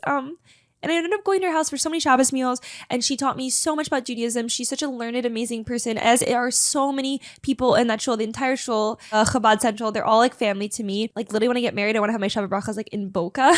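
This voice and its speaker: A young woman telling a personal story in a fast, chatty way, full of filler words and emotion. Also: fairly high pitch, dry recording, studio quality. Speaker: vlogger sharing a personal story. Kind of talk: casual storytelling to camera.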